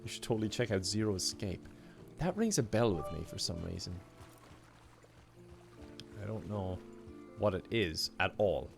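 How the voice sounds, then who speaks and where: Chatty man with a gravelly voice. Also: lowish voice, animated, moderate pace, music in the background. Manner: chatty, laughs often, reads out donations. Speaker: streamer. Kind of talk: casual live-stream chat while gaming.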